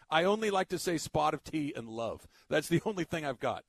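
Animated, laughing male radio host. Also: on the high side, brisk, creaky, no room sound. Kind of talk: casual chat.

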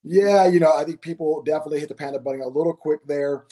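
A man with a mellow, warm voice guests on a podcast. He chats casually and often repeats words as he gathers his thoughts. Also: a little high, quick pace. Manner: relaxed, repeats words while thinking. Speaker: guest, former college basketball player. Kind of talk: casual interview.

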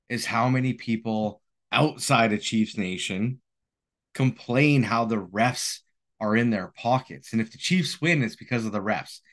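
A man's voice: lowish voice, fairly bright tone. Laid-back conversational sports podcast man. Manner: conversational, hedging with "like" and "right?". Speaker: podcast co-host. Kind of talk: casual sports talk.

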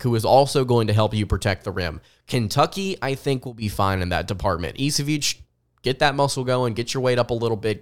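A man's voice: on the low side, clean tone. A young man with a slight Southern US accent, hosting a sports podcast with enthusiastic commentary and frequent restarts. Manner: enthusiastic, repeats words when restarting. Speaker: podcast host.

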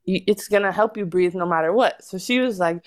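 A woman tells a story on a podcast in a loose, animated way. She laughs often and leans on fillers. Her voice sits at an ordinary middle pitch. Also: a little fast. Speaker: podcast guest. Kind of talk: casual storytelling.

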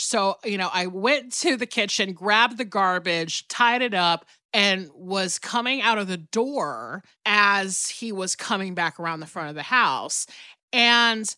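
A woman co-hosting a podcast, chatting casually and telling animated stories full of acted-out quotes and swearing. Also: mid-range voice, a little slow, no room sound, studio quality. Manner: animated storytelling, acts out quotes, swears freely. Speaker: podcast co-host. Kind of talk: casual chat.

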